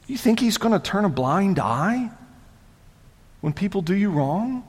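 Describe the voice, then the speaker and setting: A man preaching a sermon as pastor, conversational and animated, often repeating words as he goes. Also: high voice, measured pace, breathy edge, big-room sound.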